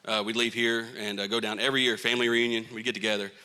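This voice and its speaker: A young man with a Southern US accent preaching to a youth group, animated and joking with the crowd between points. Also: on the low side, quick pace, clear, resonant tone. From Florida. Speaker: youth pastor. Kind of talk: youth sermon.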